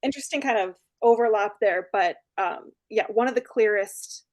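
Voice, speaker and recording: A woman, a paranormal investigator, adding details quickly and matter-of-factly in a casual interview. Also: mid-range voice, a little mellow, dry recording, clean studio sound. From Canada.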